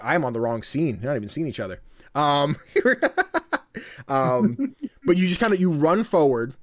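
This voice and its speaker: A man hosting a casual podcast, talking in an animated way, laughing often and acting out voices as he retells things. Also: medium pitch, no room sound, clean studio sound. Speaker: podcast host.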